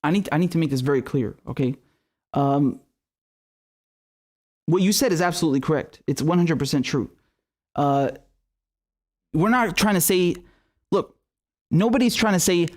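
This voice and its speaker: A man's voice: sits high, lively intonation, a little slow, pauses often, a little mellow. A man hosting a political livestream, reading viewer messages and then ranting in an angry, profane, repetitive way. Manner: profane, angry, repeats himself. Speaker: political commentary host.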